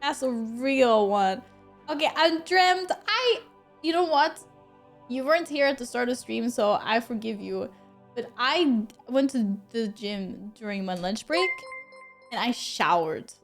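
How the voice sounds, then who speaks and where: A woman game streamer chatting casually with her viewers, giggling and exclaiming as she thanks them in quick bursts. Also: on the high side, expressive, faint music behind. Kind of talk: casual live-stream chat.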